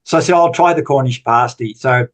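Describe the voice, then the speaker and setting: A man's voice: medium pitch, fairly quick. A man in his sixties, a podcast guest telling stories in casual talk, rambling and repeating words. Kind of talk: casual storytelling interview.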